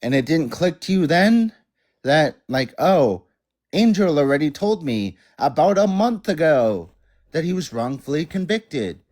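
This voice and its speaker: A man speaking as a guest on a livestream, indignant but measured. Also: a little high, very animated, a little mellow. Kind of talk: heated livestream discussion.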